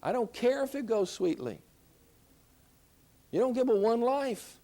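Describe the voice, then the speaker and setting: A man's voice: very high voice, lively intonation, unhurried, mellow. A man teaching a Christian counseling class, emphatic, repeating key phrases and asking rhetorical questions. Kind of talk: classroom lecture.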